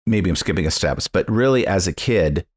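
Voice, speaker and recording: A man co-hosting a podcast, speaking in a reflective, candid way with halting restarts. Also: deep voice, expressive. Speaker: podcast co-host. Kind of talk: casual podcast chat.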